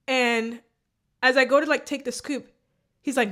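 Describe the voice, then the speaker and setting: A woman's voice: high-pitched, fairly even intonation, unhurried, fairly bright tone. A woman vlogger telling a personal story in a candid, emotional way, often repeating herself.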